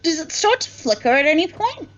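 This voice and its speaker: A woman's voice: very high-pitched, big pitch swings, a little fast, a bit bright. A woman playing a tabletop game, curious and asking questions, over a dull lo-fi mic. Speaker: player. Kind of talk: casual tabletop play.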